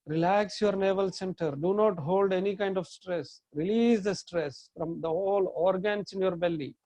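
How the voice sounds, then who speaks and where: A male yoga teacher with a high voice slowly leads a chakra meditation, offering calm breathing instructions and chanting mantras in long tones. There's no echo.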